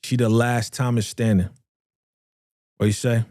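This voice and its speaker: A man with runs a live reaction stream. He talks in a mellow, warm voice and swings from loud hype to low mutters while he reads out viewer comments. The sound is close and dry. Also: unhurried, dry recording. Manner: animated, slangy, reads viewer comments aloud. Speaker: reaction show host.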